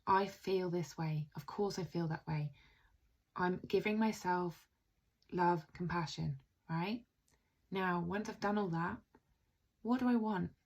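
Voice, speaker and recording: A woman with a fairly low voice talks gently and earnestly as she teaches a self-healing method to camera. She keeps checking in with a soft "right?" and slips into tender, soothing phrases as if comforting someone. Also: steady tone, takes it slowly. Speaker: intuitive coach.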